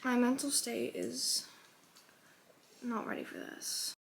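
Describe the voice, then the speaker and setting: Here a young woman with a slightly high, gravelly voice talks slowly in a casual reading vlog. As a book vlogger, she curses freely and alternates between exasperation and gushing, always expressive.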